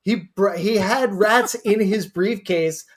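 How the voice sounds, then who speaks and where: A podcast guest chatting casually about a film, making relaxed, dry remarks. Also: mid-range voice, takes it slowly, a loud crowd.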